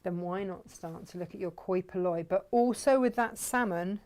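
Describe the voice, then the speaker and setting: A fabric shop host leads a casual workshop, chatting enthusiastically and wandering from point to point. Her medium-pitched voice is darkish and paced normally.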